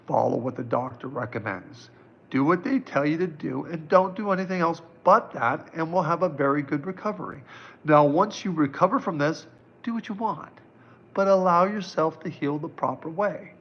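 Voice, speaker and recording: A man in his fifties, a psychic, answers viewers' questions on a live stream in a fairly high, husky voice with vocal fry and a moderate pace. The audio is dull, and his manner is casual, reassuring, and chatty, with many fillers.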